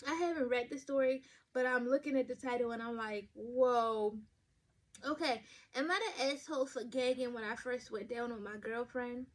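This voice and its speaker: Speaking fairly quickly at a fairly high pitch, a woman reads advice stories on her podcast. She addresses listeners directly with chatty, profane, blunt takes and sometimes stumbles as she talks.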